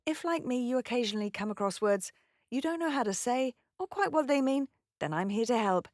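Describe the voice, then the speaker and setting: A woman with a fairly high, very lively voice teaches pronunciation in a scripted lesson. She enunciates each word clearly and carefully. The recording is dry and close, with no room sound. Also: brisk, no room sound.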